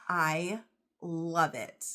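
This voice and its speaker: A woman, getting over a cold, unboxing jewelry in a casual vlog, gushing and emotional with gasps and soft whispers. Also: low-pitched, drawn-out words. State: recovering from a cold. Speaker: reseller vlogger.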